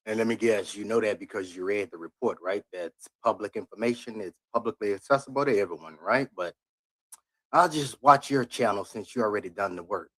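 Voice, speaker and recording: A man's voice: fairly low pitch, fairly quick, a bit bright, no echo. A man on a live stream giving blunt, critical commentary in rambling asides as he reacts to a video.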